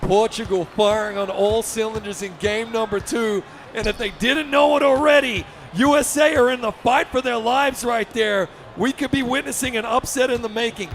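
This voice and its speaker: A man doing fast, excited play-by-play commentary on an esports basketball match, often shouting. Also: extremely high pitch, a little hiss or hum.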